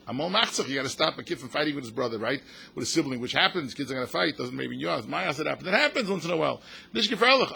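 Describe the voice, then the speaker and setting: A man's voice: fairly high pitch, creaky, breathy edge. An older man, a rabbi telling stories in a passionate talk, acting out quotes and mixing in Yiddish and Hebrew words. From United States. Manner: animated storyteller, acts out quotes, mixes in Yiddish and Hebrew words. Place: synagogue event hall.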